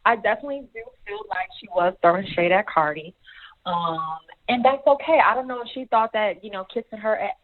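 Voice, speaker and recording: A woman calling in to a show, speaking hesitantly with many pauses and restarts. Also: medium pitch. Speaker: caller. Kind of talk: phone call to a show. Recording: tinny phone line.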